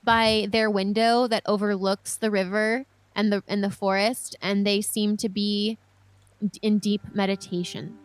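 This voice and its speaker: A woman's voice: mid-range voice, measured pace, no echo. Woman narrating as dungeon master. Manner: relaxed, descriptive storytelling with casual fillers. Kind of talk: narrating a tabletop game.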